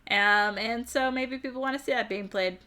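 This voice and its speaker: A woman's voice: a little high, moderate pace, pushed and bright. A woman hosting a live stream, chatting casually with viewers, giggling often and stumbling over words. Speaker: livestream host.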